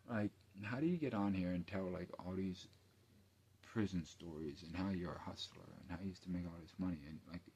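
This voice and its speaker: A man's voice: low voice, fairly quick, darkish tone. A man, rambling through a late-night rant full of profanity. He often trails off into mumbles, and there is a faint hiss of background noise behind him. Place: home, indoors at night.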